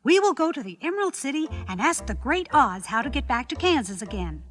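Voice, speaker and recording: Kind, eager young girl, woman doing the voice, high and lively, for a storybook record. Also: a little fast, long reverb tail, faint music behind. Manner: polite, clear and eager.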